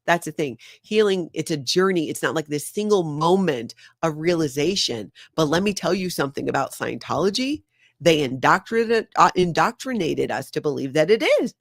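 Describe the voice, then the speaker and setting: A woman's voice: deep voice, expressive, a little fast, dry recording. A woman hosts a livestream in an earnest, confiding tone, reading viewer comments aloud as she goes. Her voice is recorded dry and close, with no room sound. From former member of a high-control group. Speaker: livestream host.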